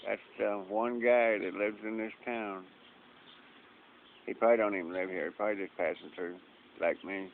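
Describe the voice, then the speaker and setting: A man's voice: fairly low pitch, steady tone, moderate pace, creaky. A man casually narrating a tour of a small town outdoors, in a rambling, folksy, wry way. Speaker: traveling vlogger. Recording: phone-like audio with light hum.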